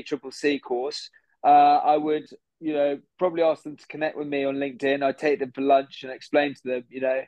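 Man doing a posh bro, young, pompous, rambling, higher voice, dry close sound. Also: darkish tone, no echo, close to an everyday voice, poor audio. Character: smug posh young City bro, boastful gym fanatic. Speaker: podcast guest. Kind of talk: improvised character comedy.

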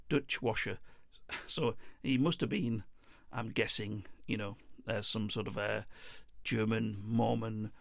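Man, gravelly voice, dry close sound, rambling anecdote, chuckles and restarts. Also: mid-range voice, no room sound. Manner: meandering, chuckling, self-interrupting. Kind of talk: casual rambling monologue.

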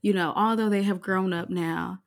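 A woman in casual chat, brash and animated, often breaking into laughter. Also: medium pitch, moderate pace, vocal fry.

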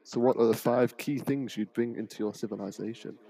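A man's voice: mid-range voice, steady tone, a little fast, creaky, dark tone, husky, no room sound, poor audio. A man in a casual podcast chat, laughing often and dropping brief wry remarks. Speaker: podcast co-host.

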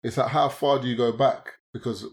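This podcast guest, a man in his thirties from London, speaks at medium pitch and a little fast. His casual, slang-filled banter grows loud and lively during his stories.

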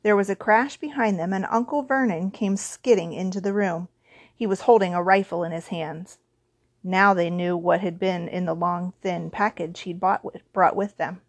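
A woman reading a children's fantasy novel aloud in a steady, expressive storybook narration. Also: lowish voice, moderate pace, no room sound. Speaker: audiobook reader.

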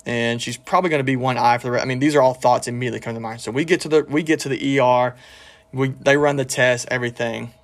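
A man's voice: mid-range voice, steady tone, quick pace. A middle-aged man preaching a podcast sermon and telling a personal story, earnest, with fillers and restarts. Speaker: pastor.

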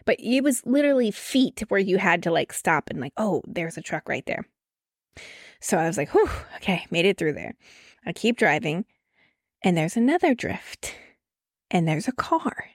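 A woman in her late twenties telling a personal story in a casual podcast monologue, animated and full of "like" fillers, acting out the voices of people she quotes. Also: mid-range voice, normal speed, dry recording, clean studio sound. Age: late 20s. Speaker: podcast host.

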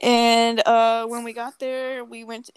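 A young woman with a high voice tells a rambling story in a loose, profane, joking chat. The sound is dry and close, with no room around it. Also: completely flat delivery, slow pace, clear, resonant tone, no room sound. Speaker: podcast co-host. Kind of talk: casual chat.

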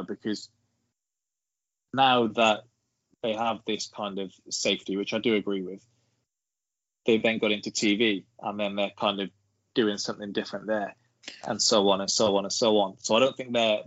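A man co-hosts a casual film podcast, sharing trivia and measured opinions. His voice sits a little low. The sound is dull and lo-fi, with no room in it. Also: fairly bright tone, dry recording. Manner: measured, explains with trivia and asides. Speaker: podcast co-host.

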